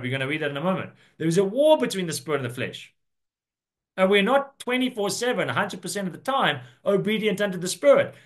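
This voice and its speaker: A man preaching an earnest sermon, reading and explaining scripture with slow, drawn-out emphasis. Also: high voice, fairly bright tone.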